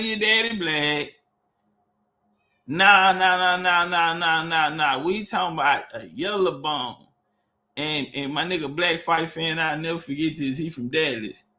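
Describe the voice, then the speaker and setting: A man's voice: on the high side, bright, forceful tone. A man hosting a livestream, talking loosely and profanely and repeating words as he searches for the next one. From Texas. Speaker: livestream host. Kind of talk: casual livestream talk.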